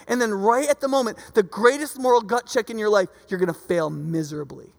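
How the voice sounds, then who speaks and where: Lively preacher chatting through a sermon, doing little voices, big echoey hall. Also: mid-range voice, fast, creaky, few pauses. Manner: animated, acts out quoted voices. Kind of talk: conversational sermon. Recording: long reverb of a large hall.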